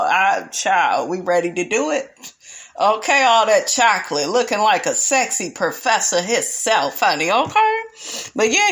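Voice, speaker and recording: A woman's voice: fairly high pitch, a bit bright. A woman giving a sassy, chatty reality TV recap in a casual style, calling her viewers honey and child.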